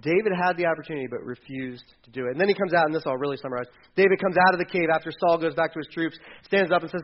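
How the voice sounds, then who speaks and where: A man's voice: a little high, very fast, hardly any pauses, dull audio, slight background noise. A man preaching a sermon in a church, retelling a story in a casual way and putting on voices for the characters. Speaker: pastor.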